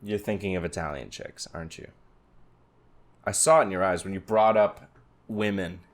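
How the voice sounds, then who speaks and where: A man's voice: sits low, moderate pace. A man co-hosting a podcast in casual chat, teasing his partner in a dry way. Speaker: podcast co-host.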